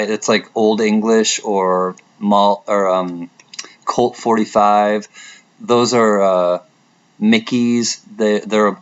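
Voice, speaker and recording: Man, relaxed rambling livestream host, low voice, muffled lo-fi audio. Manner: laid-back, rambling, laughs often. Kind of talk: casual chat reading viewer comments.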